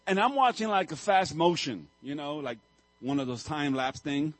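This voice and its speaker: A male pastor preaching a sermon, telling a story with animated swings and sudden loud outbursts. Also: fairly high pitch, moderate pace, no room sound, rough recording.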